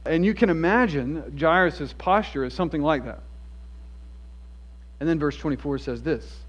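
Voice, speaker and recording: A male pastor preaching an expository sermon in a church, earnest and story-driven, moving between emphatic and hushed delivery. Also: a little high, normal speed, long pauses. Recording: dull lo-fi sound.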